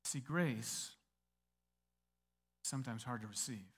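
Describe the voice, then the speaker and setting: A middle-aged American man preaching a sermon, telling a story with lively acted-out quotes. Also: medium pitch, unhurried, slightly rough. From United States. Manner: animated storyteller, acts out quoted voices. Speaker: pastor.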